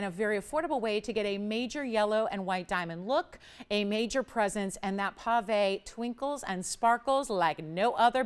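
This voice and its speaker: A woman hosting a live TV jewelry shopping show, giving an enthusiastic, emphatic sales pitch. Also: smooth. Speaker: shopping channel host.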